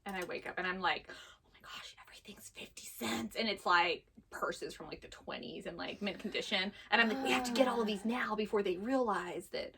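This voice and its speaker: A woman's voice: mid-range voice, brisk, hardly any pauses, fairly bright tone, a little hiss or hum. A woman in her thirties chatting casually, telling stories with acted-out voices. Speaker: vintage box co-owner. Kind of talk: casual chat.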